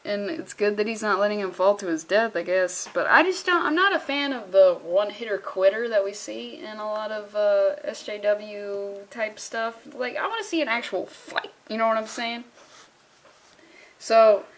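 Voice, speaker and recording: A woman's voice: medium pitch, normal speed, fairly bright tone. A young woman reviewing a comic book in a casual vlog, sarcastic and profane, rambling as she talks.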